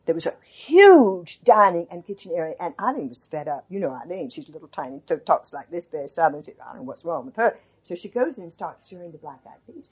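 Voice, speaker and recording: Speaking fast with hardly a pause, an older woman reminisces in an interview, her low, slightly rough voice captured in lo-fi sound. She acts out what people said with plenty of animation, quoting them and frequently starting her sentences over.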